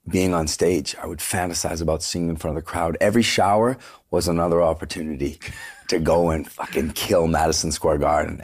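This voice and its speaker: A man with a very low, deep speaking voice talks casually in an interview. He is a singer telling animated stories and drops plenty of "like" and "dude" along the way, with the odd swear word. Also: slightly rough. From Canada. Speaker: guest singer.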